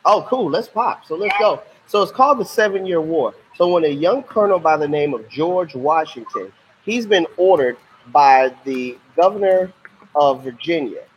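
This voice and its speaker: A man's voice: on the high side, normal speed. A man teaching a casual, slangy livestream history lesson and quizzing his viewers. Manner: lively, slangy, asks questions to the class. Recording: muffled lo-fi stream audio with faint hiss.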